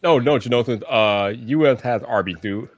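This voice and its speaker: A man hosting a casual live stream chat, animated and jokey, quick to tease his guest. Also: mid-range voice, dry recording.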